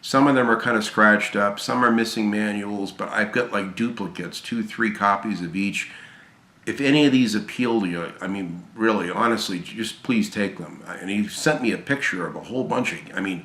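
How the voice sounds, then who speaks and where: A tired, hoarse man chatting casually and gratefully about games he received, rambling with fillers and restarts. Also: fairly low pitch, sharp tone, echoey room. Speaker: gaming channel host. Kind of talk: casual video chat about game pickups.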